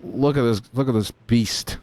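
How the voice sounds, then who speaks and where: Excitable chatty man streaming a game. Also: medium pitch, moderate pace. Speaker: stream host playing a game. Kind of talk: casual livestream chat.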